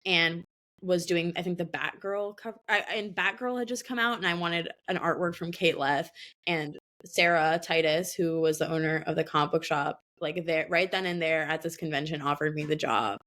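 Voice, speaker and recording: Chatty young woman, lowish voice. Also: moderate pace. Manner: chatty, animated, many fillers and laughs. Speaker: podcast guest. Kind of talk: casual chat.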